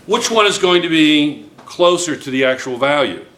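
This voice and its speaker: A man teaching a chemistry class, lecturing with lots of quick checks on whether students follow. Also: a little high, roomy sound. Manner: lively, keeps checking students with "yes or no?".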